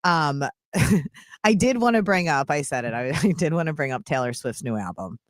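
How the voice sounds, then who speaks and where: A woman with a Philadelphia accent hosts a casual sports radio show. Her pitch swings widely as she talks, and she laughs easily between quick asides. The sound is close and dry. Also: lively intonation, no echo.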